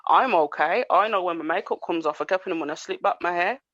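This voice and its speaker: A woman's voice: lowish voice, fast, fairly bright tone, dry recording. A woman co-hosting a podcast, talking emphatically and repeating her points in casual chat. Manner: emphatic, talks over others, repeats points. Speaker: podcast co-host. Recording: dull lo-fi sound.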